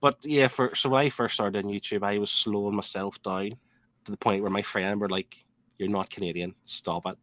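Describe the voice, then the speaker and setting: A man with a Belfast accent tells stories in a relaxed group chat over a video call. He is teasing and anecdotal, with a fairly low voice. The sound is close and dry. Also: fairly quick, dry recording. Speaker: panelist. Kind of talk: casual chat.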